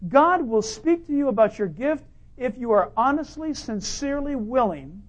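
A male pastor preaching a sermon in a conversational, humorous way, full of rhetorical questions and swinging between loud and quiet. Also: very high voice, expressive, moderate pace, highs cut off.

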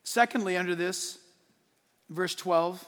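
Pastor, male, very high voice, emphatic sermon delivery, quiet asides to shouts, church sanctuary with long reverb. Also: takes it slowly. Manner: emphatic, swings from hushed to shouting, laughs at his own points.

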